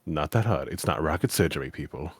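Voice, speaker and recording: A man hosting a casual chat, with a big voice, telling lively stories and acting out the people in them. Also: a bass voice, quick pace, breathy edge, dry recording. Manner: animated storytelling, acts out quoted people. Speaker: host.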